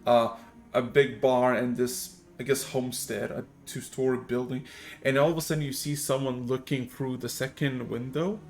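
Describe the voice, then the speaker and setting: A man's voice: mid-range voice, steady tone, normal speed, a little mellow. A man narrating as game master of a tabletop game, hesitant with many fillers.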